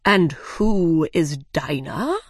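A woman's voice: low-pitched, expressive, very slow, husky, no echo, studio quality, full character voice. A woman reading aloud, voicing a pompous male Dodo bird in a storybook, drawn out and stately. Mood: curious.

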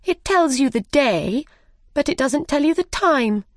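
A young storybook girl with a firm, bright delivery, polite but quick to snap, as a woman reading aloud puts her on. Her voice sits a little above the reader's own and stays unhurried. The recording is dry and close. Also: high voice, expressive, no room sound, voice pushed up. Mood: indignant.

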